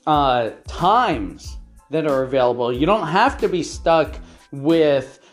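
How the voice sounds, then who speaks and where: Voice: medium pitch, expressive, slow pace, soft background music. An online English teacher speaking straight to learners, counting off reasons in turn and often checking in with "right?". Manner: enthusiastic, repeats "right?" and lists points by number. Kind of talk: talking-head advice to learners.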